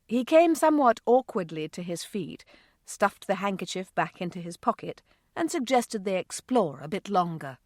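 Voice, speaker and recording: Woman narrating a romance audiobook, expressive, up and down a lot. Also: medium pitch, normal speed, dry recording, studio quality. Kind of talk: scripted narration.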